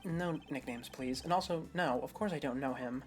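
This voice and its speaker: A woman's voice: very deep voice, moderate pace, darkish tone, soft background music. A woman voicing an earnest, slightly flustered young male defense attorney, reading game dialogue aloud.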